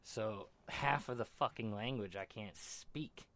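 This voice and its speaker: Man, deep voice, loose and profane, excitable casual talker. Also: unhurried. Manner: animated, swears a lot, laughs while talking. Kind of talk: casual chat. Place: room with friends.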